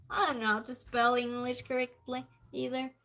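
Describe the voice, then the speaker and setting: A woman's voice: on the high side, flat delivery, a little slow, a bit bright. A woman hosting a trivia live stream in a casual chat style, reading viewer comments aloud and greeting viewers by name. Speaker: trivia night stream host.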